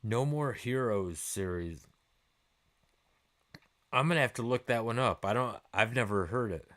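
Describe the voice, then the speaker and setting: Here a middle-aged man hosts a livestream in a slightly bright, mid-range voice with a measured pace. He fields viewer comments in loose, casual chat, laughing easily and cursing freely.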